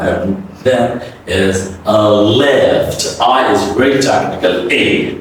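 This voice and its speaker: Male pronunciation coach, slow and deliberate, mic far off in a boomy room. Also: heavy reverb, a little hiss or hum. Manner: drills words aloud, coaxing with frequent "okay?". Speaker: English pronunciation teacher. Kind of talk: classroom pronunciation lesson.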